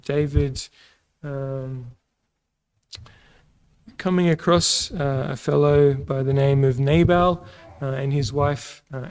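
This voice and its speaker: An Australian man teaching a casual Bible lesson, pausing often with ums and restarts. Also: on the high side, gravelly, a little mellow, poor audio. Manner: halting, many ums and restarts.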